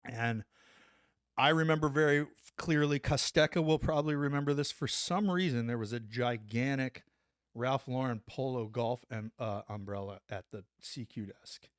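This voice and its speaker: A middle-aged man and former soldier telling a story on a podcast, animated, acting out what people said and saying "like" often. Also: mid-range voice, moderate pace, dry recording, studio quality. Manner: animated, acts out quotes, says "like" a lot. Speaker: podcast guest, former Army Ranger. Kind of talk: casual storytelling.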